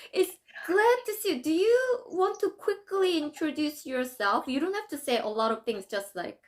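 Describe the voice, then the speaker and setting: A bubbly woman from Korea hosts a casual live stream, laughing often as she talks. Her voice sits very high and swings widely in pitch, full of animated energy. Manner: bubbly, laughs often, quick shifts between languages. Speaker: host. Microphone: phone call over social media app.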